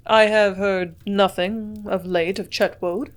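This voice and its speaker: A woman reading the part of a lovesick young gentleman in an audiobook, pressing his questions earnestly. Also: mid-range voice, fairly even intonation, takes it slowly, natural voice. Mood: probing.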